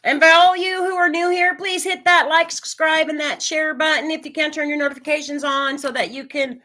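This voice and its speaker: A woman's voice: high-pitched, fairly even intonation, fairly quick, bright, forceful tone. A woman from Oregon chatting on a live stream while she gives a tarot reading, with lots of fillers and hesitations. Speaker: tarot reader.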